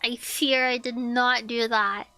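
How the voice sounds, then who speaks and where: A young woman streamer telling a story in casual chat, animated, swearing and repeating her lines. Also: fairly high pitch, takes it slowly, clear, resonant tone, soft background music.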